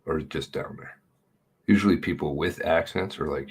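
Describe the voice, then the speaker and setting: A middle-aged man giving casual, sarcastic running commentary on a livestream, blunt and quick to swear. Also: very deep voice, a little hiss or hum.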